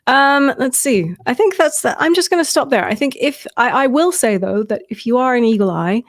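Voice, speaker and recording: A woman's voice: sits high, expressive, fairly quick, no echo, clean studio sound. A woman co-hosting a casual recap podcast, chatty and detail-loving, with many hesitant fillers. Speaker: podcast co-host.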